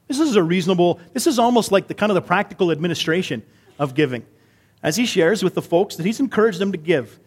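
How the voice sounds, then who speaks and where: Earnest Canadian pastor preaching. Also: male voice, sits high, very animated, fast talker, slightly rough. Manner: earnest, conversational preaching with rhetorical questions. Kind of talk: sermon.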